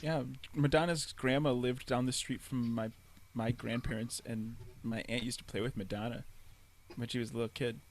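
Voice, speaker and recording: A young man co-hosting a podcast in casual chat, laughing often and mimicking other people's voices in a high pitch. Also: steady tone, moderate pace, crowd noise. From Detroit area. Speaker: podcast co-host.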